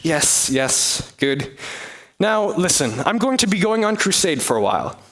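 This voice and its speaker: A young man performing a one-man comedy play, with a hammy, exaggerated delivery and sudden pitch swings. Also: very animated, unhurried, fairly bright tone. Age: young adult. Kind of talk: theatrical one-man comedy, many voices.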